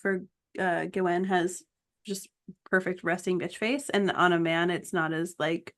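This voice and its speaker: A woman's voice: on the low side, fairly even intonation, unhurried. A woman from Canada co-hosting a podcast in a laid-back, wry way. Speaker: podcast co-host. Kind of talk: casual chat.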